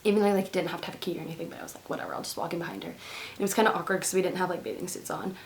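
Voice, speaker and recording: A woman's voice: fairly low pitch, steady tone, very fast. A young woman from Texas telling a story to camera in a casual vlog, chatty and full of "like" fillers. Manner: chatty, heavy use of "like" fillers. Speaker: vlogger.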